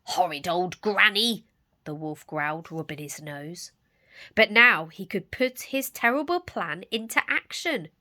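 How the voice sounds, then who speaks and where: A woman storyteller reading a children's story aloud in an expressive, animated way. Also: lowish voice, unhurried.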